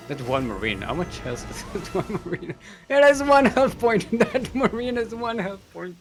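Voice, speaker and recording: Animated, rambling male game caster. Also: fairly high pitch, unhurried, over music. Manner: rambling, jokey, chuckling, many fillers. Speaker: esports caster. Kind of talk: live game commentary.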